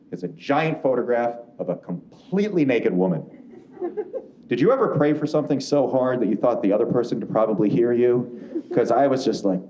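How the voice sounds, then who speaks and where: A brash man in his thirties works a club stage, his pitch swinging lively as he talks. The sound is roomy, with a noisy crowd clearly behind him. His profane stories come through a handheld stage mic. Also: muffled recording. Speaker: stand-up comedian. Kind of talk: stand-up comedy set.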